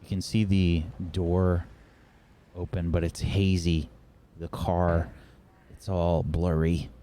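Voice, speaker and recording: A man narrating as game master in short, measured sentences. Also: sits low, level tone, dark tone.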